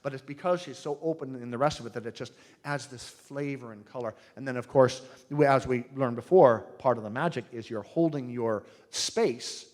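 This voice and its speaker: A man teaching singing to a live audience in a humorous, animated way, demonstrating sounds with his own voice. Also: medium pitch, moderate pace. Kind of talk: live workshop talk.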